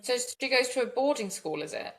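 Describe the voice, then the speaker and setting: A woman co-hosting a true crime podcast, mostly giving soft, brief responses to her co-host. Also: a little high, expressive, a little fast.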